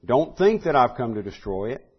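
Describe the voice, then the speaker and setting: A man's voice: medium pitch, sing-song, moderate pace, husky, lo-fi sound. A man teaching a Bible lesson, thinking aloud with fillers and restarts, then building to emphatic repeated phrases.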